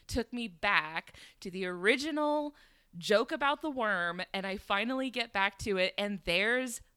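Podcast guest, woman: crisp voice, dry close mic, chatty storyteller, lots of fillers. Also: medium pitch, normal speed, dry recording. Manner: animated, laughing often, many fillers. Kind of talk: casual storytelling chat. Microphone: home podcast microphone.

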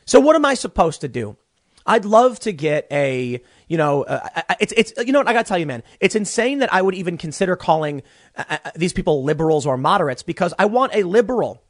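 A man's voice: high-pitched, very animated, fairly quick, no echo. A young man hosting a political commentary show from a small closet studio, ranting animatedly and stammering through repeated words. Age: young adult.

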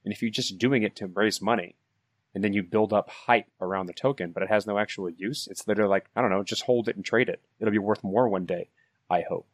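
A man's voice: fairly low pitch, quick pace, no room sound. A man co-hosting a casual podcast, ranting with repeated words and restarts. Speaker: podcast co-host.

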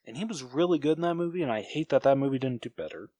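A man's voice: medium pitch, lively intonation, very fast, dark tone, no room sound. A man co-hosting a podcast in casual chat, easygoing and agreeable. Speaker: podcast co-host.

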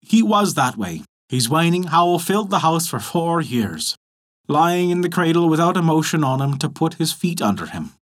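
A man narrating a folk tale in an expressive storytelling manner. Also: a little high, normal speed.

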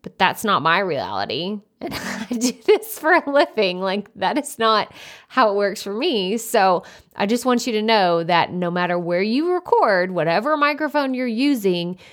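A young adult woman hosting a solo podcast, chatty and naturally loud, speaking into a desktop USB microphone with many casual fillers. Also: medium pitch, sing-song, normal speed. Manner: chatty, lots of "like" fillers, self-described loud. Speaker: podcast host.

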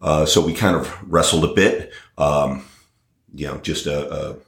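A man working as a dog trainer, talking through his experience in an interview. He pauses often and fills gaps with "uh" and restarts. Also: a bass voice. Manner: hesitant, many fillers and restarts. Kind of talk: conversational interview. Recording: roomy echo.

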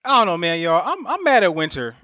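A man on a podcast, talking in animated slang and complaining with exasperation. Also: sits high, fast talker, no echo, clean studio sound. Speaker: podcast co-host. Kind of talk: casual chat.

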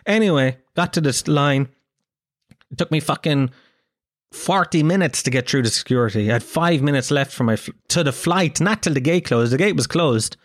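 Irish comedian, 30s, animated storyteller, bit of a raised voice, dry room. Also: male voice, on the high side, normal speed, no room sound. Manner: animated, swearing, acts out quoted voices. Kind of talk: casual storytelling chat.

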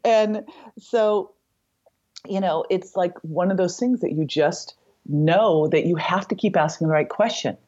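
A woman's voice: on the low side, unhurried, darkish tone, breathy edge, muffled recording. A middle-aged woman guest on an interview show, telling a personal story vividly and acting out the dialogue. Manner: vivid storyteller who acts out quoted dialogue. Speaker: podcast guest.

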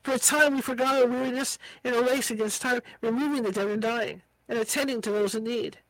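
A woman's voice: on the high side, fairly even intonation, fairly quick, no echo, low-quality recording. Woman reading aloud, stumbling over words. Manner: stumbles over words and adds casual asides. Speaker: audiobook reader.

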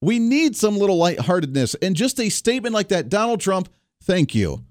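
Man, radio talk show host, political commentary, chatty and wry, slightly high voice, dry studio sound. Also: very animated, moderate pace, no room sound. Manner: chatty, wry, frequent restarts.

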